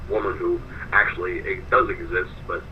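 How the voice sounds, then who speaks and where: A man's voice: low-pitched, flat delivery, normal speed, highs cut off, slight background noise. A male guest on a college radio show, telling stories in a rambling, casual way with many restarts. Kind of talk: casual sports chat. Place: small college radio studio.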